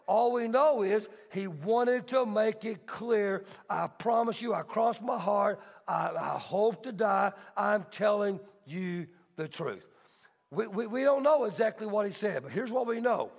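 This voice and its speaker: A male pastor preaching a sermon with emphatic delivery that swings between soft talk and shouting, and he poses questions to the congregation. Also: extremely high pitch. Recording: long hall reverb.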